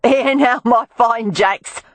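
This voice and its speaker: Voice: mid-range voice, slow pace, dry recording, pitched above the performer's own voice. A narrator voicing a brassy, teasing woman of the streets with a Cockney accent, calling out bawdy jibes.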